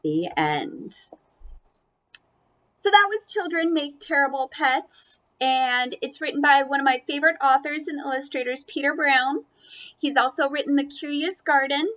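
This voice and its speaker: A woman reading a picture book aloud to children, animated and playful, with chatty asides about the pictures. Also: high voice, measured pace. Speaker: storybook reader.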